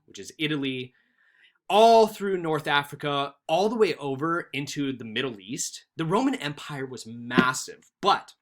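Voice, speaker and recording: A male teacher giving a recorded history lesson, telling stories animatedly and acting out quotes. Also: a little high. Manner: animated storytelling with acted-out quotes.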